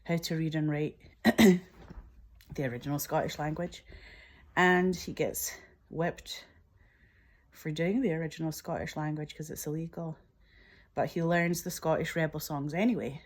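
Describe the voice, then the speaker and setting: Low-voiced woman enthusing over her screenplay. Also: fairly even intonation, normal speed. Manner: enthusiastic, laughs at herself, emotional. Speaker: filmmaker describing her screenplay. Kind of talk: animated scene-by-scene retelling.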